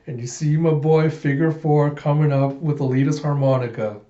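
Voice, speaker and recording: A man reading a comic book aloud in a casual, excitable way, narrating the panels. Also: fairly high pitch, moderate pace, reverberant, dull audio. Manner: casual, excitable, laughs often. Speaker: comic reader.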